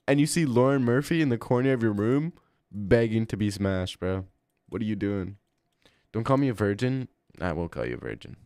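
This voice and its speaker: A man's voice: fairly low pitch, lively intonation, a little fast, darkish tone, dry recording, clean studio sound. A man in his thirties streaming, chatting casually and answering chat with crude slangy banter. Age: 30s. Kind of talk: casual livestream chat reading.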